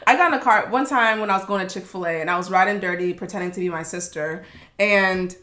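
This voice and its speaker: Bright, echoey woman podcaster. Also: medium pitch, fast. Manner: animated storyteller who acts out the people she quotes. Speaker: podcast co-host. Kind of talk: casual chat.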